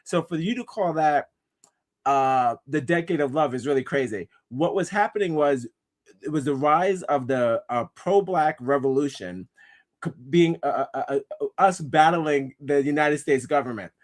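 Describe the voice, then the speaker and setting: A man co-hosting a casual podcast chat, animated and opinionated, laughing often and slipping into mocking voices. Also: on the high side, normal speed. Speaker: podcast co-host.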